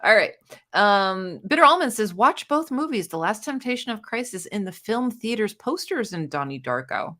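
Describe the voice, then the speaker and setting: A woman hosting a casual book livestream, reading viewer comments aloud with quick, bubbly reactions. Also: medium pitch, big pitch swings, pushed and bright. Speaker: book channel host.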